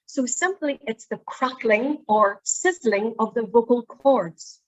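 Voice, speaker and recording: Fairly high-pitched and a little slow, this middle-aged Northern Irish woman barely pauses while teaching an online presentation skills workshop, heard through a muffled recording. She's chatty and explains by demonstrating voice habits.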